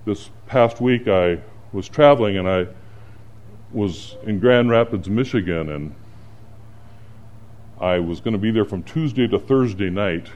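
A man's voice: lowish voice, a little slow, long pauses, lo-fi sound. A middle-aged man, a pastor, preaching a sermon and telling stories from his week. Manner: storytelling, animated when acting out panic.

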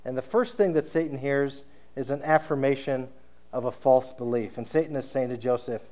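A male preacher tells a story in a conversational way, pausing often to check in with his listeners. His voice sits in an ordinary male middle range. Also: medium pitch, a little mellow. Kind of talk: sermon.

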